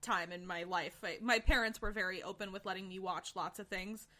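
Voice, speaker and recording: An American woman guest on a podcast, chatting casually and chiming in with quick agreement. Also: mid-range voice, steady tone, bright, forceful tone. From United States. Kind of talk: casual chat.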